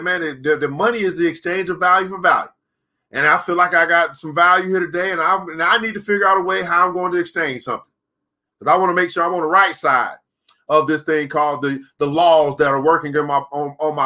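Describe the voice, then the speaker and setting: On a live crypto trading class stream, the male host reads viewer comments aloud and talks in a loose, preachy way. His voice is pitched fairly high, with a bright, forceful tone.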